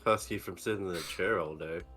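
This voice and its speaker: A man's voice: low voice, fairly quick, a bit bright. A man playing a tabletop game, joking as he reels off food orders in character. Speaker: player. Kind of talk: tabletop role-play with a cook character.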